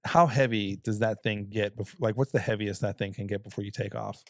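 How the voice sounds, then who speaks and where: Low-voiced man hosting a casual chat. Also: steady tone, brisk, dry recording, clean studio sound. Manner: curious questions, playful impressions. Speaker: podcast host.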